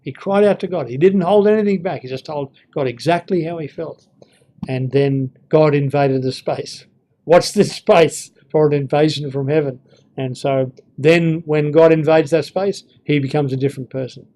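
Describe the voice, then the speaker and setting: Guy w a slightly high voice doing a laid back bible lesson, lots of ums, reads verses with feeling. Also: moderate pace, dark tone. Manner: conversational, thinks aloud with fillers, reads verses aloud expressively. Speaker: Bible teacher. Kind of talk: informal Bible teaching.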